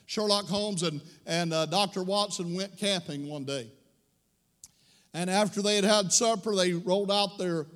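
A man's voice: high voice, in a large hall. A man preaching a sermon, telling folksy stories and building to fervent exhortation. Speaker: pastor. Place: church sanctuary.

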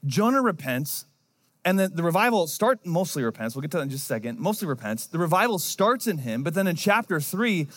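A man's voice: on the high side, sing-song, brisk, a bit bright. A man preaching a sermon in a conversational, storytelling way, acting out quotes as he goes. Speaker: pastor.

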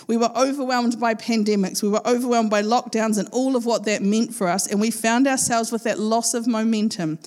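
A woman giving a chatty, playful sermon to a live congregation, laughing often. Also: fairly high pitch. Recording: long hall reverb.

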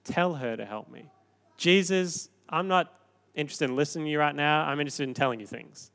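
A man's voice: on the high side, brisk, gravelly, a bit bright. A man preacher voicing a frazzled, exasperated woman who complains that her sister leaves her all the work. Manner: pleading, indignant, raised voice.

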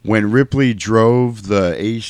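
Low-voiced man recapping a film. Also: slow, no echo. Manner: animated, acts out quotes. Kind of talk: casual film recap chat.

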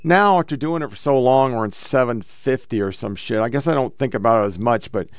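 A man's voice: mid-range voice, brisk, smooth, no room sound. A middle-aged man hosting a casual, profane commentary show, bluntly lecturing about the clips he plays. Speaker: podcast host reacting to clips.

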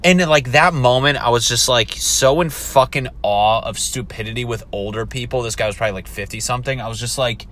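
A young man in a car, telling a profane, animated story about strangers at a store as a casual vlog rant. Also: mid-range voice, a little fast, hardly any pauses. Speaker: vlogger. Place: in a car while driving.

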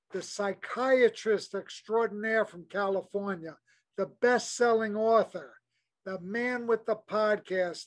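A man in his sixties hosting an interview, jovial and halting, with many fillers. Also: sits high. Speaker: podcast host. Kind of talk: casual interview.

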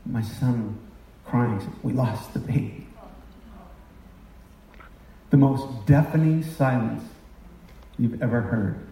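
A man's voice: mid-range voice, mellow. A man in his fifties preaching a sermon, confessional and emotional, rising to impassioned outbursts. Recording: roomy sound from a distance.

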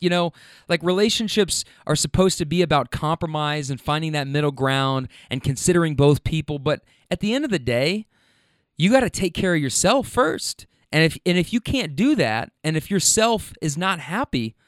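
A man hosting a casual monologue, animated and frank, swearing freely as he retells a conversation. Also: on the high side, normal speed, dry recording, clean studio sound.

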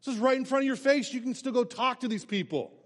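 A man's voice: extremely high pitch, fast talker, big-room sound, voice pushed up. A man voicing an earnest apostle who pleads his case emphatically before a king. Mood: emphatic.

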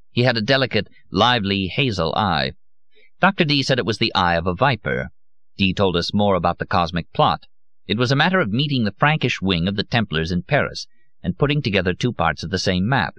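Man, audiobook narrator, deep voice, theatrical and lively, dry close sound. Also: no room sound. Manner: expressive, theatrical reading. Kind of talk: audiobook reading.

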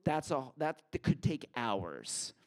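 A man telling a personal story at a live story slam, lively and animated. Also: medium pitch, takes it slowly. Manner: animated, acts out the other people in his story. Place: theater stage before a live audience.

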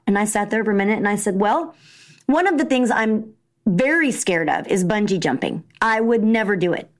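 A woman's voice: medium pitch, moderate pace. A middle-aged woman, a Christian speaker, telling a personal story in a conversational way and acting out the dialogue. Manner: animated, conversational, acts out dialogue.

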